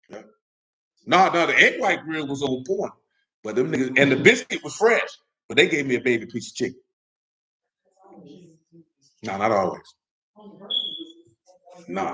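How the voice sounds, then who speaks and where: Young man, preacher, slangy conversational sermon, slightly high voice, keeps checking in with listeners. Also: bright, forceful tone, poor audio. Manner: street-casual, asks "you know what I'm talking about?". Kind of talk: casual sermon with storytelling.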